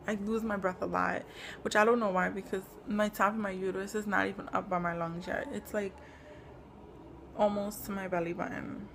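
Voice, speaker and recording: A young woman talks through a casual home vlog at a middle pitch, her voice a little gravelly. She rambles with plenty of fillers and sounds short of breath, over a faint hiss of background noise. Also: little pitch movement, normal speed, a bit bright. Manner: rambling, lots of "like" and "um". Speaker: pregnancy vlogger. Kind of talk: casual chat.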